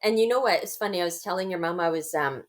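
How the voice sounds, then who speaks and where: Chatty woman with a low voice. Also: quick pace. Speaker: podcast co-host. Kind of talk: casual chat.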